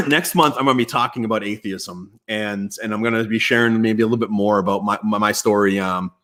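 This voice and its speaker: Low-pitched man, casual live-stream host, chatty and relaxed, lots of ums and restarts. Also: brisk. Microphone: external mic at home computer.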